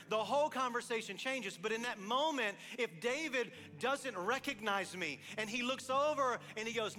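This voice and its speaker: A man preaching a sermon, his voice high and bright as it carries through a big reverberant hall. He tells stories with animated back-and-forth dialogue, then drops into a quiet, earnest appeal. Soft music plays underneath. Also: moderate pace, hardly any pauses. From East Texas. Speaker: pastor.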